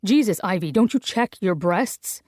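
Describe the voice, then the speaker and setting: A woman's voice: mid-range voice, expressive, moderate pace, mellow, no room sound, natural voice. Brief: woman narrator doing young male athlete lover, panicky, curt, swearing; dry close sound. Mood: alarmed. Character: young man, frantic football star lover. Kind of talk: audiobook character reading.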